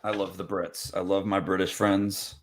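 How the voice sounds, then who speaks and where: A man chatting excitedly on a video call with friends, laughing often and telling stories in a quick, rambling way. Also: low-pitched, a crowd in the background. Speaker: comic creator. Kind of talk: casual group chat on a live stream.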